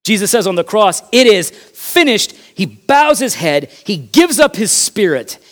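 Speaking at normal speed in a high voice, a pastor delivers a lively, conversational sermon. He swings from booming emphasis to hushed asides and trades jokes with his congregation.

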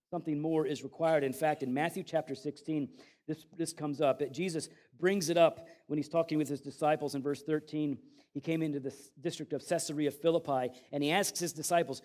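High-voiced male preacher, lively and conversational, acts out scripture readings. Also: brisk. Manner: animated, conversational preaching with dramatic Bible readings. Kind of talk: sermon.

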